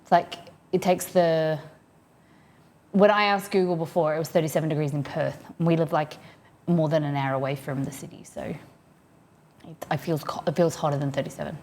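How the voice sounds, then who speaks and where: A chatty Australian woman with a slightly low voice talks casually to her viewers from her desk at home. She rambles and reads their messages aloud as she goes. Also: steady tone, moderate pace, pauses often, a little mellow. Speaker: livestreamer.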